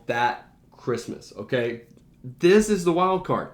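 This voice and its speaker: A man's voice: medium pitch, big pitch swings, takes it slowly, noisy background. A man who works as a teacher, ranking favorite movies in a casual, enthusiastic and emphatic way. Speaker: teacher and behavior analyst. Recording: roomy echo.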